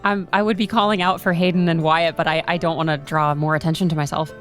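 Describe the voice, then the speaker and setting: A woman's voice: low-pitched, level tone, fast talker, soft background music. A woman, playing a tabletop game in a chatty, laughing, playfully bluffing way. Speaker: player.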